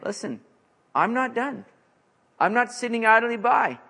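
A man voicing God as a calm, firm male figure, speaking lower and in a measured way. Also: vocal fry, exaggerated voice.

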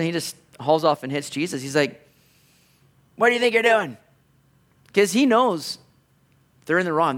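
A man preaching a sermon in an earnest, conversational way, with playful asides to the congregation. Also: a little high. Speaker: pastor.

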